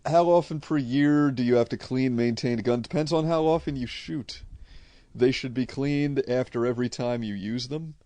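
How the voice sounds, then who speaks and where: In a dry recording, a medium-pitched man with a dark tone talks at normal speed. He's from Connecticut, USA, speaks with a New England accent, and answers viewer questions casually and unscripted, swearing freely in a blunt, rambling way.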